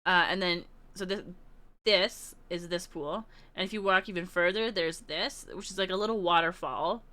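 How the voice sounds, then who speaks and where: Bright, giggly Canadian woman. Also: on the low side, normal speed, dry recording. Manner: giggly, laughs often while talking; rambling, with many restarts and asides. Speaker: streamer. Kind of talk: casual storytelling.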